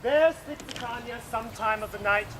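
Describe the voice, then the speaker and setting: A woman playing a commanding male fairy king in a stage play, speaking verse in a stately, measured way. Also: a little high, natural voice. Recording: outdoor recording with clear noise.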